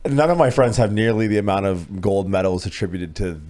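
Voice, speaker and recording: A man's voice: lowish voice, expressive, a little fast, a little mellow. A man co-hosting a podcast in casual chat, blunt and self-mocking.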